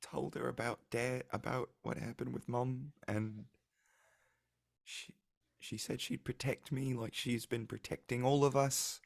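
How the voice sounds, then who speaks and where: A man voicing a remorseful young woman who confesses and apologizes through tears, his voice pushed up high and pleading. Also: steady tone, measured pace, gravelly. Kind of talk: voicing a character in a tabletop game.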